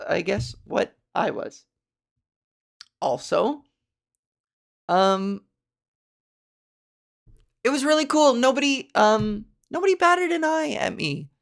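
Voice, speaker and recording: A woman hosting a podcast, a comedian chatting casually through a story with big, animated swings in pitch. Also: creaky.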